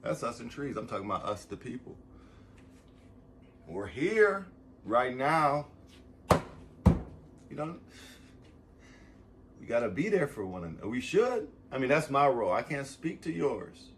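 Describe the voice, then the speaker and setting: A man vlogging a casual motivational monologue, rambling and swearing, swinging from loud bursts to soft asides as he gets emotional and close to tears. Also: mid-range voice, big pitch swings, unhurried, pauses often, a little hiss or hum.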